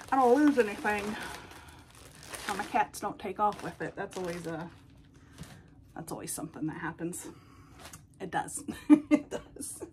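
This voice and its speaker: A woman hosting a casual unboxing vlog at home, gushing and excitable as she talks to her viewers. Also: mid-range voice, background noise. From United States. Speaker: doll collecting channel host.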